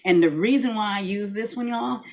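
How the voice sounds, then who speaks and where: A woman's voice: medium pitch, a little fast, darkish tone, slight background noise. A middle-aged woman talking casually to her camera at home, rambling with many restarts. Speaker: vlogger. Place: home room, lights dimmed.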